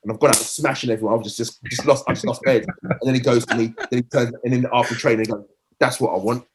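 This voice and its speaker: A man's voice: mid-range voice, fairly even intonation, quick pace, noisy background. A middle-aged man, a former footballer telling rambling anecdotes in a podcast interview, often restarting and acting out quotes.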